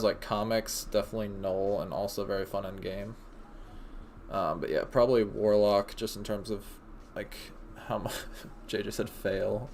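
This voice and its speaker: Give me a laid-back man chatting on a stream, gravelly, with faint noise behind him. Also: on the low side. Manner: laid-back, rambling with many fillers. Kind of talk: casual stream chat.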